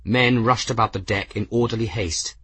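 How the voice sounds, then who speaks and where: A man reading fiction as an audiobook narrator, in a steady, measured scripted narration. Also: fairly low pitch, breathy edge, dry recording.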